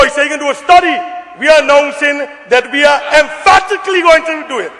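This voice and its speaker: Guy giving a loud budget speech in parliament, real high voice, long chamber echo. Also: quick pace. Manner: emphatic, repetitive oratory, rising to shouts. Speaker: member of parliament. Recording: long reverb of a debating chamber.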